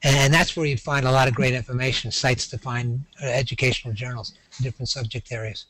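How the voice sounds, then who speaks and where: A man's voice: mid-range voice, level tone, fairly bright tone, dry recording. Older man, Brooklyn accent, casual panel chat, chatty, dry close recording. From New York. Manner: chatty, quick to laugh, self-deprecating. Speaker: educator and resource-page curator.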